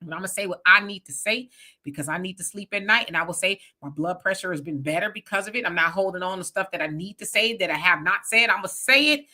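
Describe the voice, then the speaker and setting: A woman in her fifties talking casually on a panel, blunt and animated, often acting out quoted voices. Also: on the low side, fast. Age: 50s. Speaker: panel guest. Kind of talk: casual chat.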